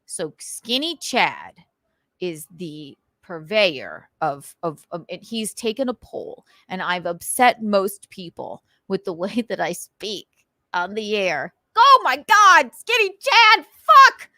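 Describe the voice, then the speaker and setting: A woman's voice: fairly low pitch, big pitch swings, slow pace, a bit bright, no echo. Woman host, transatlantic accent, enunciated and goofy, close and dry sound. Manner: crisp enunciation, goofy, theatrical outbursts. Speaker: show host. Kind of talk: casual rant reacting to online comments.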